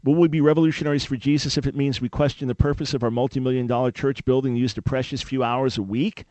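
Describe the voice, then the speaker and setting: A man's voice: medium pitch, fairly even intonation, fast talker, mellow, dry recording. Man, radio host, emphatic, preacherly, dry close studio sound. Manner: emphatic, preacherly, quotes scripture. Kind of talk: Christian talk radio teaching.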